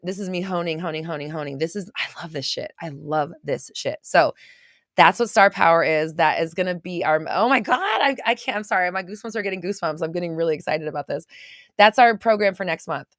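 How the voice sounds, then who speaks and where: A young woman hosting a mindset livestream, gushing and excitable as she chats to viewers and swears casually. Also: deep voice, no echo, clean studio sound.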